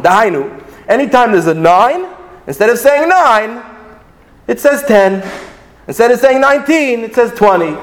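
A man teaching a Talmudic lesson, reading Hebrew texts aloud and explaining them in an animated, sing-song way with many restarts. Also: high voice. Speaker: Torah teacher. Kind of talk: Talmudic lecture.

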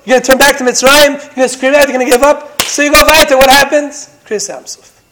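A man with a strikingly high voice delivers a Torah lesson in the manner of a sermon. He presses his points with one rhetorical question after another. His stories build through dramatic repetition. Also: fairly even intonation, fast talker, noisy background. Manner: emphatic, full of rhetorical questions. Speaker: Torah teacher.

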